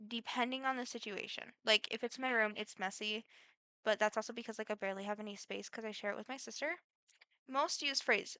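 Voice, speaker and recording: Young woman vlogger, chatty and self-deprecating, fillers everywhere, bright crisp voice, dry close sound. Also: a little high, brisk, no room sound. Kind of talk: casual get-to-know-me Q&A.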